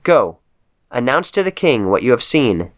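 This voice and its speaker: A firm, commanding army chief giving curt orders, as a man reading aloud voices him. He speaks slowly with lively intonation, close to the reader's own voice. It sounds like a scripture story read aloud. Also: mid-range voice. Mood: stern. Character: stern older army commander.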